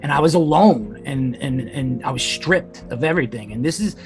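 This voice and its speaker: A man's voice: mid-range voice, animated, normal speed, faint music behind. Candid man in his forties, swearing. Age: 40s. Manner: candid and intense, swears, fillers of "like". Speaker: podcast guest. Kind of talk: emotional personal storytelling.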